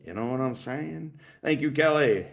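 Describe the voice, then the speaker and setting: A man hosting a livestream, reacting to a clip with loud, profane, laughing commentary and shouting out donors. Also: mid-range voice, moderate pace, gravelly. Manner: loud, laughing, swearing, animated. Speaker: livestream host.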